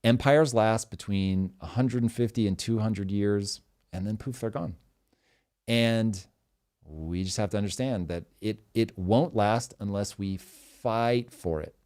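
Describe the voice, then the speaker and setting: A man in his forties with a fairly low voice, hosting a show in casual chat. He talks emphatically, swears freely and tells his stories with energy. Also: measured pace. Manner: emphatic, profane, animated storytelling. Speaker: podcast host.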